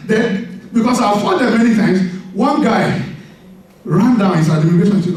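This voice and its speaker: A man pastor preaching a sermon in a church hall, animated and often laughing as he calls on the congregation to respond. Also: sits high, moderate pace. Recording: very echoey hall, voice from far off.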